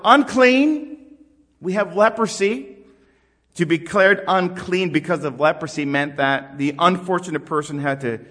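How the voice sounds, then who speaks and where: A man's voice: on the high side, a bit bright. A man preaching a sermon with emphatic, swelling delivery, often asking the congregation questions. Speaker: pastor. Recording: long hall reverb.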